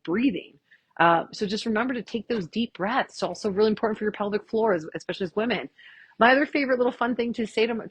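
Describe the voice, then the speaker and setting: A woman chiropractor leading a stress workshop in a chatty, self-mocking way and guiding the listeners through slow breathing counts. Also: medium pitch, husky, no echo. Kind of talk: casual live workshop talk.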